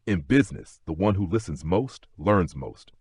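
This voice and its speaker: A man's voice: low-pitched, expressive, moderate pace, a little mellow, slightly rough, no echo. A man voicing a poised, wary young American heiress who has married into the aristocracy, speaking in an earnest, guarded way with a slightly raised voice. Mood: composed.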